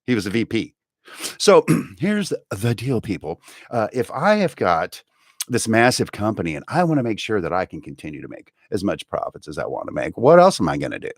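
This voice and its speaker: A man hosting a live comedy show, rambling and joking to camera, jumping between loud bursts and low mutters. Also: huge pitch swings, fairly quick, no echo, studio quality. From United States.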